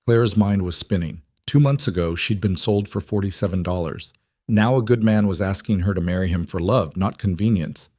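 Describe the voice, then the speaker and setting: Low-voiced man narrating a western. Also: normal speed, dark tone, no room sound, clean studio sound. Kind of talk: scripted narration.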